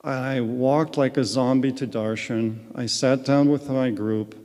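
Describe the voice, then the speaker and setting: Slow, mellow-voiced man telling his testimony. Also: mid-range voice, steady tone. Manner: earnest storytelling. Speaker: guest speaker. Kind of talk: personal spiritual testimony. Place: large retreat hall. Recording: long echo of a large hall.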